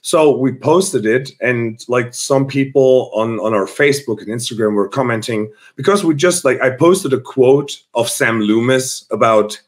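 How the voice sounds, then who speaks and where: A man's voice: mid-range voice, a little slow, few pauses. A man, a guest musician telling long rambling stories in a casual podcast chat. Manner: rambling, animated storyteller.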